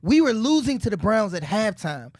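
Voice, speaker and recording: A man, a former football player, co-hosting a casual sports talk show and telling stories in an animated way. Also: moderate pace, dry recording, studio quality. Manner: animated storyteller, jumps high when quoting himself.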